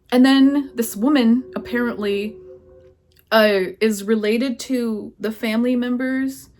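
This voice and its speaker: A woman's voice: a little high, a little slow, darkish tone. A woman talks casually to camera in a book review vlog. She rants animatedly and repeats herself in exasperation, swearing freely.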